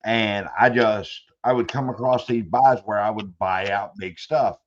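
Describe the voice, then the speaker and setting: Low-voiced man on lo-fi audio. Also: fairly even intonation, a little slow, a little hiss or hum. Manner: rambling storyteller, joking. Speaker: podcast host. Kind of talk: casual podcast chat. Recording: dull lo-fi audio.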